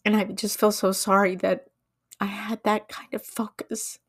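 A woman hosting a devotional podcast, talking earnestly and emotionally, telling a story slowly and putting questions to her listeners. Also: mid-range voice, level tone, slightly rough. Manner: preacherly, asks listeners questions. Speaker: podcast host.

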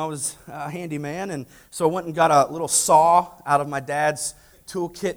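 A man preaching a sermon, telling a lively story and acting out family dialogue, then asking the congregation direct questions. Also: fairly high pitch. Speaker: pastor.

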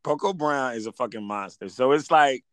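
A man hosting a casual interview, animated and teasing, laughing often. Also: mid-range voice, moderate pace, no echo. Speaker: podcast host.

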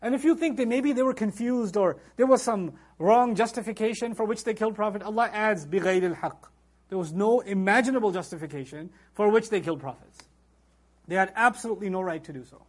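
A man's voice: high voice, fast. A man teaching a Quran lecture, speaking emphatically and reciting Arabic verses between his English explanation. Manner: emphatic, acts out quoted voices. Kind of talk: religious lecture.

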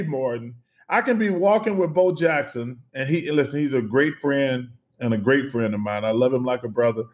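Animated middle-aged man telling stories. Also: medium pitch, normal speed. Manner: animated storyteller, emphatic, repeats phrases, swears casually. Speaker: interview guest, former basketball player. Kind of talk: casual storytelling interview.

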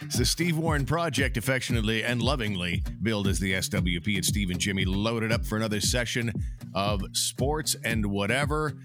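A man hosting a casual sports podcast, talking in a measured, reflective way. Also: fairly low pitch, music in the background. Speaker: podcast host.

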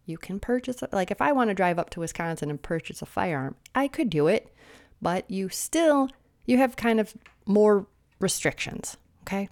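A woman's voice: lively intonation, normal speed, a little mellow. A woman in her thirties delivering a sarcastic, mocking political commentary monologue, a little sniffly, lecturing her listeners. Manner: mimics opponents in shrill voices.

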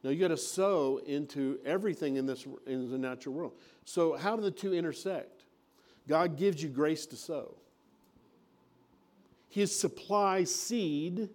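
A man's voice: fairly high pitch, a little mellow. A man preaching a sermon in a folksy, conversational way, acting out little everyday scenes. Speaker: pastor.

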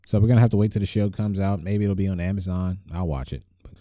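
A man's voice: low voice, steady tone, fast talker, mellow, dry recording, studio quality. A man co-hosting a podcast, talking in a laid-back, blunt way with plenty of swearing. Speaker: podcast co-host. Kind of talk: casual chat.

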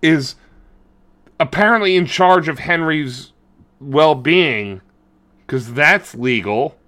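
A man co-hosting a podcast, retelling a movie in crude, rambling, animated casual chat. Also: fairly high pitch, takes it slowly. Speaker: podcast co-host.

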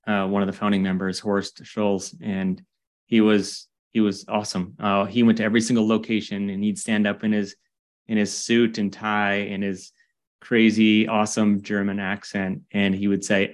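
Low-voiced rambling podcast host man. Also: little pitch movement, normal speed. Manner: rambling, enthusiastic. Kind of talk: podcast interview.

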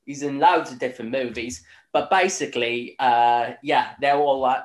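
Speaking at a normal speed with hardly any pauses, this medium-pitched young podcast host from Northern Ireland rambles through a film recap. It's casual chat laced with fillers, swearing and laughter, recorded in an echoey room.

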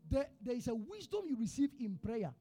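Preaching in Ghanaian English, this pastor has a high, highly expressive voice that rises and falls with the story he tells. He talks fairly quickly with a slight roughness, sinking almost to a whisper before erupting into a shout, while faint church music plays beneath him.

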